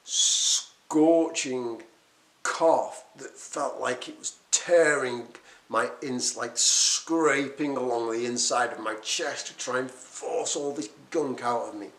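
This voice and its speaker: A man, talking unscripted to camera as a quit-smoking coach, animated and emphatic, often poking fun at himself. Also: mid-range voice, slow. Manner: animated, emphatic, self-deprecating. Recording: echoey room.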